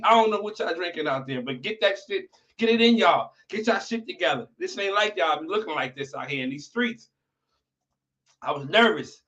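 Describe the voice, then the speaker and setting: A man hosting a casual livestream chat, slangy and profane, swinging from mumbles to shouts. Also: high voice, expressive, normal speed, far from the mic, muffled recording. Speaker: livestream host.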